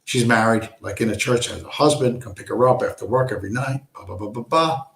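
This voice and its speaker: Man, mid pitch, blunt and profane, rants on a home stream with echoey room sound. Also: brisk, vocal fry, fairly bright tone, faint music behind. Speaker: livestream host. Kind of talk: ranting monologue on a chill stream. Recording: roomy echo.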